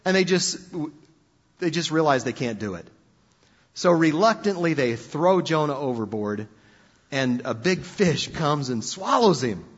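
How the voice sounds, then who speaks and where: A man preaching a sermon in an animated, conversational storytelling manner. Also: on the high side, unhurried, breathy edge. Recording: dull lo-fi sound with long hall reverb.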